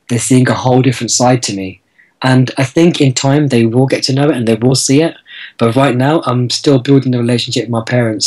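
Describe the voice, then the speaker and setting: A man's voice: mid-range voice, a little mellow, poor audio. A man speaking as a guest in a casual interview, earnest and thoughtful, restarting his words now and then. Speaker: guest blogger.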